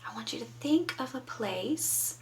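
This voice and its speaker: A woman's voice: fairly high pitch, lively intonation, unhurried, vocal fry, whispered, far from the mic, low-quality recording. A woman teaching young children from home, patiently prompting them to answer. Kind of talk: children's lesson.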